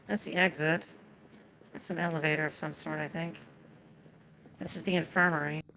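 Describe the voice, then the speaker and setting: A woman streamer whose first language is Japanese talks through a game in loose, profane chatter aimed at her chat. Her voice is gravelly and sits on the low side. Faint noise hums behind her. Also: fairly even intonation, normal speed, bright, forceful tone, low-quality recording. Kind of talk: casual game commentary.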